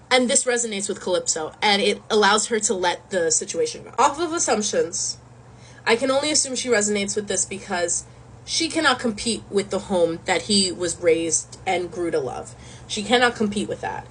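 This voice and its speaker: A woman casually retelling a Greek myth in a slangy, animated storytelling manner. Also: medium pitch, moderate pace, a little hiss or hum, poor audio.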